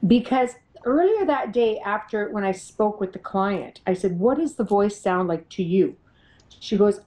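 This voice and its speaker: A middle-aged woman, a paranormal investigator, telling her experiences as an interview guest, animated and laughing often as she acts out what others said. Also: medium pitch, moderate pace, low-quality recording. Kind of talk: storytelling in an interview.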